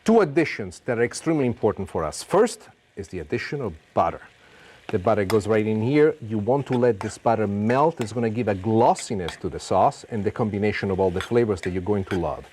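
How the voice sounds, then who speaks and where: Playful Italian-accented cooking host. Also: male voice, fairly low pitch, animated, fairly quick, a little mellow, a little hiss or hum. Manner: playful, theatrical, slips into Italian phrases. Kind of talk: cooking demonstration.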